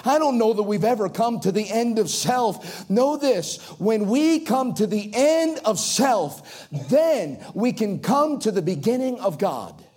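Lively high-pitched Southern preacher. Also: male voice, a little slow, husky. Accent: coastal North Carolina. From Outer Banks of North Carolina. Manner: swings between ringing highs and hushed drops. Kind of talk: sermon.

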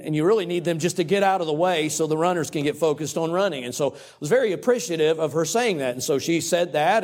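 Pastor telling a story. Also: male voice, on the high side. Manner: conversational storytelling, animated. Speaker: pastor and cross-country coach. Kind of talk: sermon with a personal story.

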